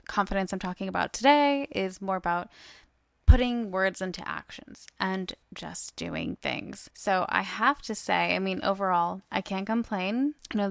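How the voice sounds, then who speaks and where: A young woman talks through her solo podcast in a chatty, upbeat way, peppered with fillers. Her voice carries a gravelly fry at the ends of phrases. The recording is dry and close. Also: mid-range voice, dry recording. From United States. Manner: chatty and upbeat, many fillers, laughs often. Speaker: podcast host.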